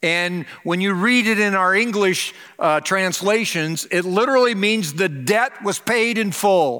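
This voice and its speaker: An older man, a pastor, preaching a Christmas sermon in a church, earnest and slowing down to stress key phrases. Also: high voice, bright, forceful tone, smooth, big-room sound. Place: church sanctuary.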